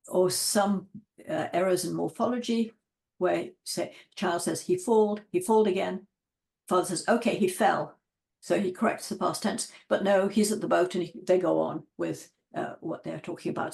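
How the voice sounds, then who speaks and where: An older woman linguist giving an academic lecture over a video call, measured, with frequent ums and restarts. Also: lowish voice, creaky, a little mellow. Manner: measured, frequent ums and restarts, reads out child speech examples. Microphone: video call microphone.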